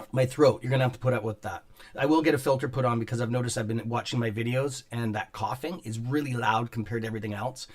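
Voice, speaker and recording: Rambling, profane livestream host, coughing often. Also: male voice, mid-range voice, brisk, a bit bright. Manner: rambling, profane, greets chat viewers by name. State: clearing throat and coughing often. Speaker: stock market livestream host. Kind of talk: casual live-stream chat with viewers. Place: home studio on a top floor.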